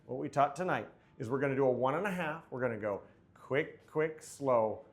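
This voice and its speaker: A man's voice: medium pitch, moderate pace. A man teaching a dance class with a microphone on, chatty and joking as he counts out the steps. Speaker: dance instructor. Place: dance studio. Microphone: wearing a microphone.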